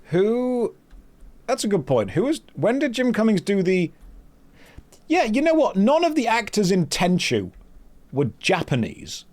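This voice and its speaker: Streaming a game, a man reads quest text aloud and banters with viewers in a sarcastic, joking tone. His high voice swings hugely in pitch, with a measured pace and a darkish tone.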